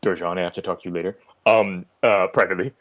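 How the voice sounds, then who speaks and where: Deep-voiced man chatting as a player. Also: steady tone. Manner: halting, friendly, full of fillers. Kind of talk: casual in-character table talk.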